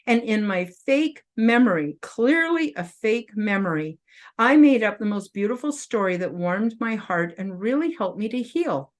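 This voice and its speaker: A woman's voice: medium pitch, animated. Tearful woman host telling a personal story. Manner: earnest, openly emotional, halting with restarts.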